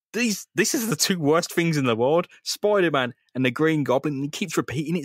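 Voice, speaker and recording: A man's voice: a little high, fairly quick, hardly any pauses, no room sound, studio quality. A man co-hosting a casual comic-book podcast, recapping scenes animatedly, swearing freely and acting out the characters' lines. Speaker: podcast co-host.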